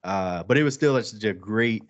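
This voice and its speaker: Male podcast co-host, relaxed chat with lively bits; low-ish voice, muffled lo-fi recording. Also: normal speed. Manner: animated, jumps high to act out quoted lines. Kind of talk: casual chat.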